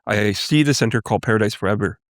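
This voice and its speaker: Low-voiced man telling his story earnestly. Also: no echo, clean studio sound. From Canada, First Nations Cree. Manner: earnest, halting storytelling with restarts. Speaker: guest. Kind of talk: personal testimony in interview.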